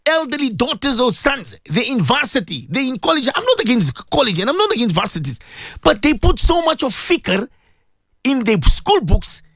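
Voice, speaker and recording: A man's voice: high-pitched, fairly bright tone, dry recording, studio quality. A man preaching a radio sermon, impassioned and pleading, repeating himself and mixing Arabic religious phrases into his English. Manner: impassioned, pleading, repetitive exhortation.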